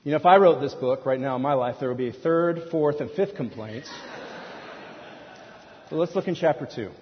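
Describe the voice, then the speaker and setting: Animated pastor preaching in an echoing hall. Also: male voice, fairly high pitch, normal speed. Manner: animated storytelling, swings between hushed asides and near-shouts. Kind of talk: sermon. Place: church sanctuary. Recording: dull sound in a reverberant hall, faint noise.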